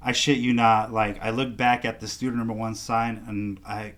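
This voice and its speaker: Man, thirties, from southern california, slightly low voice, casual slangy storytelling, acts out quotes. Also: flat delivery, normal speed, fairly bright tone. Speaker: guest artist.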